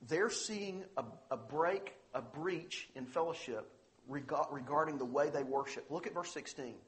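A man's voice: a little high, normal speed. A man preaching a sermon, earnest and emphatic, pressing hard on the scripture he reads out. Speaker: pastor.

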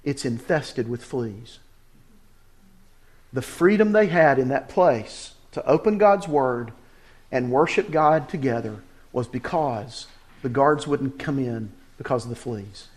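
A male pastor preaching a sermon, reading quoted story passages aloud with lively emphasis and then addressing the congregation directly. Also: medium pitch, a little slow.

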